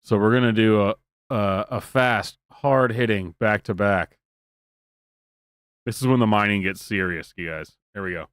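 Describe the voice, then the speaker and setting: A man's voice: lowish voice, moderate pace, a bit bright, clear, resonant tone, no room sound, clean studio sound. A man hosting a stream, giving casual, joking and sarcastic reaction commentary with many restarts. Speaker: streamer host.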